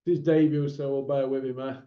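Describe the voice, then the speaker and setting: A man's voice: medium pitch, flat delivery, quick pace, dull audio. A man hosting a casual online boxing chat show, talking in a blunt, outspoken, rambling way. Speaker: boxing channel host.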